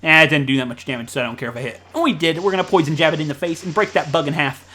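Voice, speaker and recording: A man from Ohio with a Midwestern American accent, rambling and joking fast through casual gameplay commentary. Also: on the high side, pushed and bright, slight background noise. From Ohio, USA. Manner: fast-talking, rambling, jokey. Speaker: let's play commentator.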